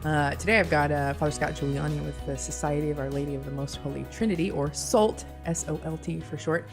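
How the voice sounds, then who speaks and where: Deep-voiced Texan woman hosting radio. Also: fairly even intonation, brisk, music in the background. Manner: chatty, folksy, laughing. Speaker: radio show host. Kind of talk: casual radio interview.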